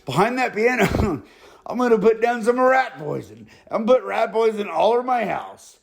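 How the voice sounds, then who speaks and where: A man voicing a stern middle-aged male neighborhood boss who talks slowly and threateningly, slipping in Spanish phrases. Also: high voice, expressive, gravelly, pitched above the performer's own voice, exaggerated voice.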